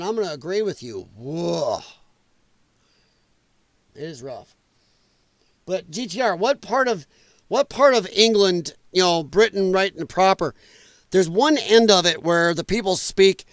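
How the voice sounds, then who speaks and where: High-voiced man hosting a livestream. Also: no echo. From United States. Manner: rambling, reacts aloud to viewer chat. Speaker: podcast host. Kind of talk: casual livestream commentary.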